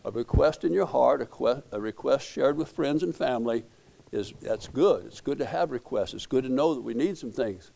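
A man's voice: mid-range voice, lively intonation, moderate pace, creaky, warm tone. A middle-aged man, preaching a sermon as pastor in a folksy storytelling way, often repeating and restarting words.

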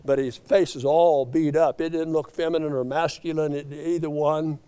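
A man preaching with a voice pitched on the high side. His sermon sinks into quiet, low passages and then climbs into loud, fervent peaks. He quotes scripture aloud, sometimes stumbling and correcting himself. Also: steady tone, moderate pace, clear, resonant tone. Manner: swings from hushed low tones to raised impassioned climaxes. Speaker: pastor.

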